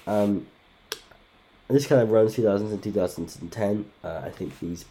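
Low, dark-voiced sweary man. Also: moderate pace. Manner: sweary, loudly incredulous outbursts. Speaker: podcast host ranking fighters. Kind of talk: casual podcast chat.

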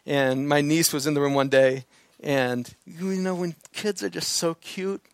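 Man, high voice, sermon, storytelling into emphatic preaching, dry close sound. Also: steady tone, unhurried, no echo.

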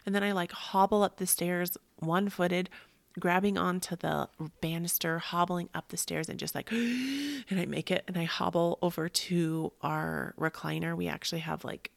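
A woman in her thirties hosting a podcast, telling a personal story in an animated way, with gasps and acted-out quotes. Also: on the low side, moderate pace, vocal fry, dry recording. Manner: animated, gasping, acts out quotes. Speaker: podcast host.

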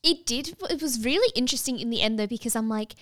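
A young woman telling a story in casual chat, animated and full of fillers, acting out what others said. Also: fairly high pitch, quick pace, dry recording, studio quality. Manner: animated, many filler "like"s, acts out dialogue.

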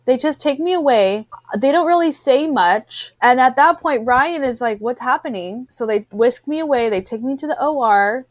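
Brief: woman storyteller, lively, quotes others, dry close mic. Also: sits high, normal speed, few pauses, no room sound. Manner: animated storyteller, acts out what others said. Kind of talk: casual chat, personal birth story.

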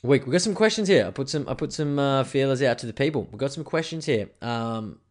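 A man's voice: medium pitch, animated, brisk. A man in his thirties with an Australian accent, hosting a casual solo podcast and telling stories in a laid-back, sweary way. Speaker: podcast host.

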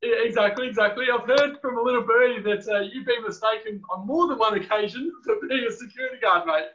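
A man's voice: extremely high pitch, quick pace, sharp tone, dull audio. A man co-hosting a podcast, teasing his guest in a matey, casual way. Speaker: podcast co-host. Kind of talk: casual chat.

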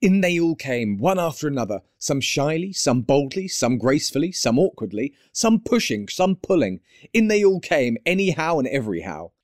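A man narrating an audiobook in an animated, expressive storytelling manner. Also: fairly high pitch, moderate pace, no echo, clean studio sound. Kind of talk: scripted narration.

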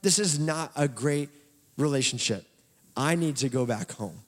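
A man's voice: medium pitch, expressive, measured pace, natural voice. A preacher voicing Jacob, a crafty young man who sounds fed up. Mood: exasperated. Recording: long hall reverb.

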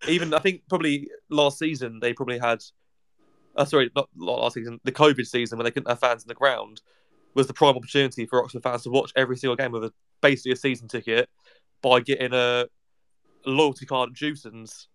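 A man's voice: medium pitch, steady tone, fast talker, fairly bright tone, clear, resonant tone, dry recording. A man co-hosting a casual football podcast, making dry, joking asides. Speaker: podcast co-host. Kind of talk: casual chat.

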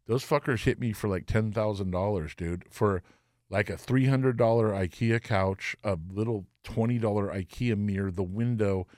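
A middle-aged man, a guest musician, telling profane, animated stories and acting out the voices of the people in them. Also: on the low side, normal speed, dry recording, studio quality. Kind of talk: casual storytelling.

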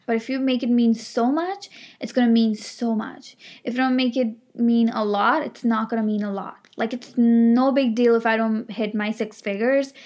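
A woman's voice: fairly high pitch, a little mellow. A woman giving an earnest motivational talk, emphatic and repetitive, full of affirmations and frequent "like" fillers. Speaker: self-help speaker. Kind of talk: motivational monologue.

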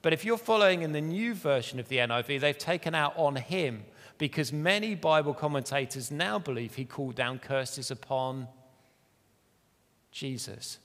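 A man's voice: on the high side, expressive, normal speed, a bit bright, long reverb tail. A man preaching a sermon, telling the story in an earnest, conversational way with self-deprecating asides.

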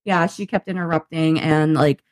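A young woman co-hosting a podcast, telling a story in casual chat, animated, laughing often and swearing freely. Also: low-pitched, normal speed. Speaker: podcast co-host.

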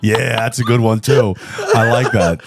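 A man's voice: medium pitch, moderate pace, creaky, noisy background. A man co-hosting a podcast in casual chat, laid-back, mostly giving short agreeable replies. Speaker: podcast co-host.

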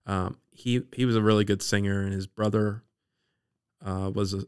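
As a podcast guest, a man from Maryland's Eastern Shore shares his testimony through a personal story. His low voice is smooth and resonant, and he tells the story in an animated way at a moderate pace.

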